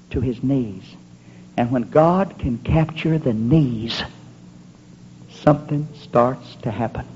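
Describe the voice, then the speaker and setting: A man preaching a fervent, rhythmic sermon at a church service, often building up to shouts. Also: medium pitch, a little hiss or hum. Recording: muffled lo-fi recording.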